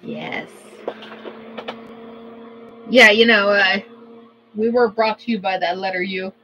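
A woman with a Minnesota accent chatting casually as co-host of a cooking vlog, joking, laughing often and breaking into playful yelling. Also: mid-range voice, steady tone, takes it slowly, muffled recording, slight background noise. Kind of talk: casual chat.

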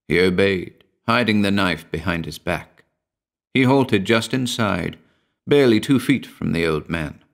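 Deep-voiced man narrating a horror tale. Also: creaky. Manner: measured, brooding storytelling.

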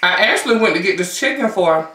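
A woman's voice: medium pitch, expressive, quick pace, pushed and bright, recorded from a distance, a little hiss or hum. A woman hosting a casual eating-show vlog, chatting directly to her viewers. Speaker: mukbang vlogger. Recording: echoey room, voice away from the mic.

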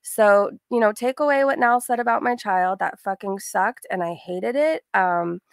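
A woman's voice: medium pitch, normal speed, creaky, clear, resonant tone, dry recording, studio quality. A young woman hosting a casual livestream, bubbly and giggly, greeting her chat by name. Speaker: livestream host.

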